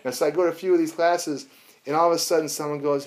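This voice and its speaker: A man teaching a recovery group in a casual, animated way, acting out bits of dialogue and swearing now and then. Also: on the high side, fast talker. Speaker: recovery class instructor.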